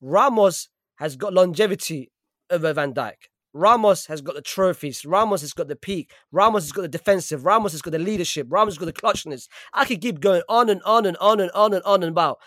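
High-voiced, insistent man arguing. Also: fairly quick, fairly bright tone, no echo, studio quality. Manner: insistent, argumentative, repeats himself. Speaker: podcast panelist, Real Madrid fan. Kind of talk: heated casual debate.

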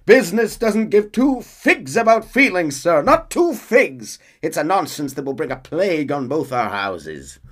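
A man's voice: on the high side, sing-song, a little slow, hardly any pauses, a bit bright, voice pushed up, exaggerated voice. A man voicing a pompous wealthy industrialist, speaking in a haughty, clipped and indignant way. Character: pompous wealthy male industrialist, middle-aged.

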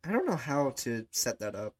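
A speaker chatting casually on a livestream podcast, halting and filler-heavy, laughing often. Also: medium pitch, big pitch swings, a little mellow. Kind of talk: casual chat.

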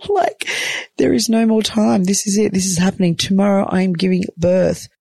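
Creaky-voiced woman gushing. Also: medium pitch, fairly quick, no room sound. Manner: gushing, dramatic, expressive storyteller. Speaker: reality TV cast member recapping episodes. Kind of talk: casual recap vlog. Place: hospital bed.

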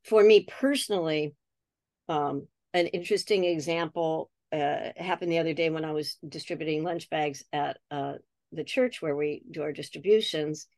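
A woman's voice: low voice, normal speed, a little mellow, no room sound. A woman in her sixties, a podcast guest talking in an earnest, reflective way in casual conversation. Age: 60s. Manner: earnest and reflective, acts out remembered dialogue.

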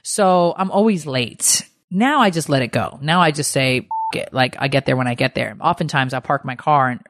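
A woman's voice: rumbling low, normal speed. A middle-aged woman co-hosting a podcast, ranting in a heated, swearing casual chat. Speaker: podcast co-host.

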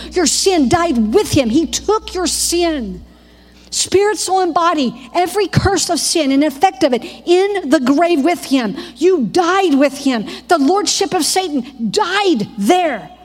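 Fervent high-voiced woman preaching in a hall. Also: darkish tone. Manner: fervent, preacherly, with quoted prayers and asides. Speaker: Bible school teacher. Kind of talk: teaching sermon.

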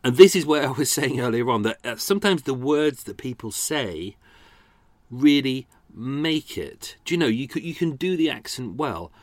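A man's voice: medium pitch, expressive, normal speed, no echo. A man hosting a podcast, chatting casually with lots of fillers and self-deprecating asides. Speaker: podcast host. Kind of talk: casual chat.

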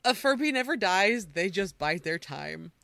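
Bright-voiced woman podcast host telling stories. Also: mid-range voice, normal speed, vocal fry, clean tone, dry recording. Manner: animated storyteller, quoting with voices. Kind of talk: casual chat, reading stories aloud.

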